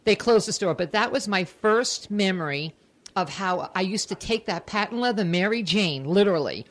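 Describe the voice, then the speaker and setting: An older woman from Long Island runs a casual radio interview with an even, middle-pitched voice. She talks in a chatty, effusive way and exclaims often. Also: normal speed. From Long Island, New York. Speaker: radio show host.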